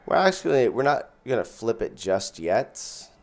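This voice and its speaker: A man's voice: medium pitch, very animated, a little slow, vocal fry, faint music behind. A man giving casual gameplay commentary as host, thinking aloud and counting out his mana as he plays. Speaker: gaming channel host.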